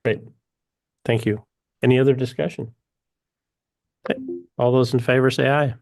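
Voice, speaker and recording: Gravelly-voiced meeting chair. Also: male voice, mid-range voice, steady tone, a little mellow, dry recording, clean studio sound. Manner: brisk, procedural. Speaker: commission chair.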